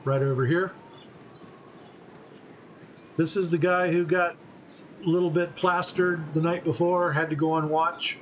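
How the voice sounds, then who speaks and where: A man giving relaxed, step-by-step commentary on a game playthrough. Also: fairly high pitch, unhurried, pauses often, slight background noise, poor audio. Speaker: gaming channel host.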